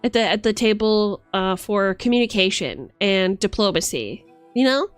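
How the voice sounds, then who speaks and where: A woman's voice: medium pitch, expressive, moderate pace, no echo, faint music behind. A woman live-streaming in a bard persona, chatting playfully and teasing her viewers. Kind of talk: casual live-stream chat.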